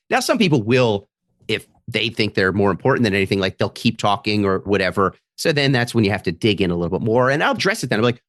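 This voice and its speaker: Male comedian, podcast guest, lively up-and-down delivery, slips into quick character voices for quotes. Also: on the low side, dry recording, clean studio sound. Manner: animated, acts out audience members' voices in quotes. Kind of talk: casual podcast storytelling.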